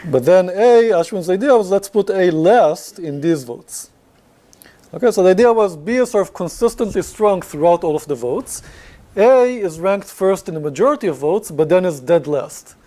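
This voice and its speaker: A man's voice: high-pitched, expressive, moderate pace, dark tone. A man giving a university lecture, talking to the class in a conversational way with many fillers and questions.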